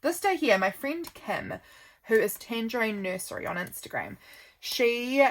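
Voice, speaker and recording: A woman's voice: fairly high pitch, sing-song, unhurried. A woman, casually chatting and rambling as she flips through her calendar, with lots of ums. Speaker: vlogger.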